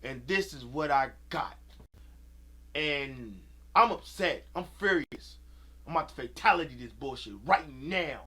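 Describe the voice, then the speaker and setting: A man's voice: mid-range voice, lively intonation, a little slow, sharp tone, breathy edge. A man giving an angry, profane rant about a movie, repeating himself as he vents. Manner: heated, profane, repetitive ranting. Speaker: video creator.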